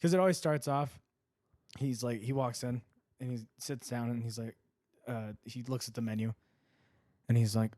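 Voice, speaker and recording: A man's voice: mid-range voice, fairly even intonation, moderate pace, long pauses, a little mellow, no echo, studio quality. Rambling, laughing male podcast host. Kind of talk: casual chat.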